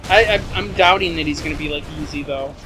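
A man's voice: on the high side, quick pace, pushed and bright. A man giving profane, rambling let's play commentary and getting easily frustrated with the game. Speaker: gameplay commentator. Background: game music.

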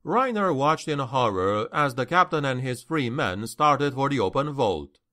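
A man reads fantasy fiction aloud as an audiobook narrator, unhurried and medium in pitch, with an expressive storytelling style.

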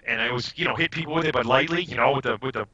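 A man guesting on a podcast, telling rambling, animated stories in casual chat and often trailing off and restarting. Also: mid-range voice, very fast. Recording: dull lo-fi audio.

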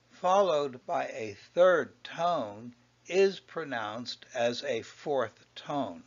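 A man teaching a language lesson, patiently explaining and repeating each example in a slow, explanatory way. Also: medium pitch, lively intonation. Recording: dull lo-fi audio.

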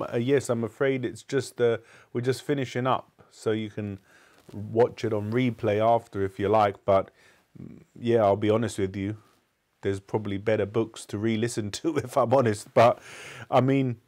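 A man's voice: lowish voice, fairly even intonation, normal speed, darkish tone. A man hosting a book club, reading a short story aloud and then chatting casually with listeners. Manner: casual, chatty, hesitant when speaking off the page.

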